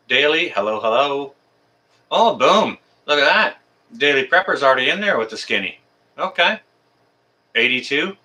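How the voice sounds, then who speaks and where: Casual male livestream host, bright voice, friendly, halting, filler-heavy. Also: medium pitch, sing-song. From Canada. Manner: friendly, chatty, many ums and uhs. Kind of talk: casual live chat greeting viewers.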